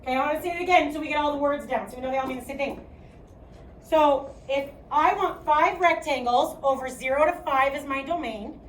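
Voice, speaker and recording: A woman's voice: high-pitched, a little hiss or hum. A woman with a Chicago accent teaching a math class, projecting her voice and often checking in with "okay?". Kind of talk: classroom lecture. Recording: echoey classroom, distant mic.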